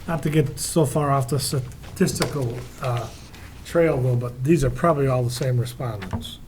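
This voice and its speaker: A man's voice: mid-range voice, moderate pace. A man on a city commission, making brief, matter-of-fact remarks during a meeting. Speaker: commission member. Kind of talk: meeting discussion. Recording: noisy meeting room recording.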